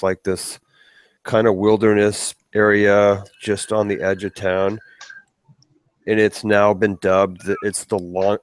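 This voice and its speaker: A man's voice: fairly low pitch, clean tone, no echo. A man from the Pacific Northwest, talking casually and a little hesitantly in an online hangout. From Portland, Oregon. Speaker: hangout participant. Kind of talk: casual chat.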